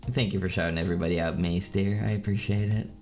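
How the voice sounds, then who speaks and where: A man streaming live with a slightly worn, gravelly voice, reading chat messages and joking with playful mock-menacing teasing. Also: low-pitched, fairly even intonation, quick pace, a little mellow, soft background music.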